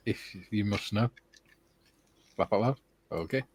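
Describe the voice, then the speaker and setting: A man's voice: on the low side, moderate pace, long pauses, darkish tone, husky, no echo. A man hosting a casual live stream, reading out chat messages with laughs and the odd swear word.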